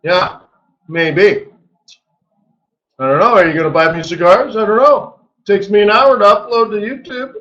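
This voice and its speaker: A man hosting a live trading webinar, walking through charts in an animated, joking way with lots of rhetorical questions. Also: sits high, normal speed, long pauses, muffled recording. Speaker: forex market strategist hosting a daily webinar.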